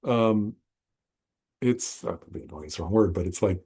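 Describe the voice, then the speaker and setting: A man teaching a Buddhist class in a relaxed, conversational way, often checking in with his listeners and correcting himself as he goes. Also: fairly low pitch, normal speed, slightly rough. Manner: conversational, self-correcting, frequent "right?". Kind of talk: informal dharma talk. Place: meditation center class.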